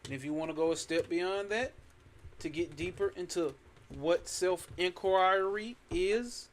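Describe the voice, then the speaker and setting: There's a little hiss or hum behind this high-pitched, unhurried man as he gives casual spoken commentary on a scripture. He teaches emphatically, repeats lines and curses freely throughout.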